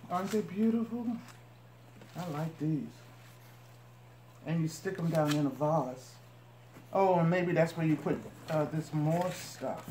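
A woman vlogger chatting to her viewers as she unpacks boxes and shows each item. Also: low voice. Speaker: couponing vlogger. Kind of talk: casual unboxing narration. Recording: echoey room with noise.

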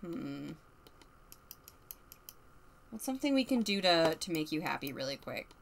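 A woman's voice: deep voice, big pitch swings, a little slow, gravelly, a little hiss or hum. A woman streamer giving chatty, casual commentary as she plays a life-simulation game, narrating what the characters feel and laughing often.

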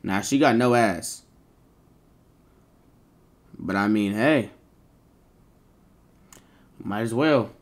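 A man's voice: on the low side, very slow, long pauses. A man livestreaming, chatting casually to his viewers in rambling slang full of swearing.

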